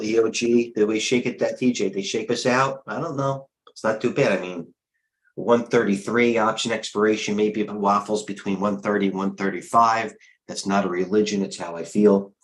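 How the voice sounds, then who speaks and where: A man's voice: on the low side, low-quality recording. A middle-aged man hosting a live trading stream, thinking aloud as he rambles bluntly through stock charts. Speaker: trading coach and livestream host. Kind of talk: live market commentary.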